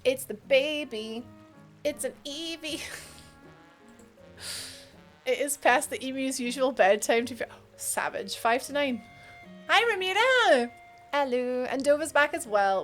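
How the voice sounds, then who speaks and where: Woman streamer, high voice, sleepy, playful chatter while gaming. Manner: playful, baby talk to a pet. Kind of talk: casual chat while gaming.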